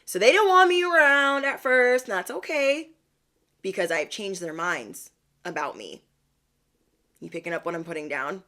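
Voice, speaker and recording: Woman vlogger, casual storytelling, mid-pitched, chatty and animated, slangy. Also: moderate pace. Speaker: spiritual vlogger.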